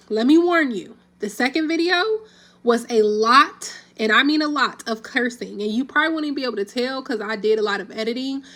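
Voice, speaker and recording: A woman host talks straight to her viewers in relaxed, chatty commentary. Her voice sits a little high, and she addresses the audience directly. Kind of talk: casual commentary.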